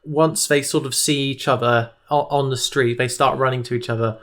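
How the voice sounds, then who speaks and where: Man, podcast co-host, casual chat, animated retelling, mid pitch. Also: normal speed. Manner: animated retelling, acting out scenes.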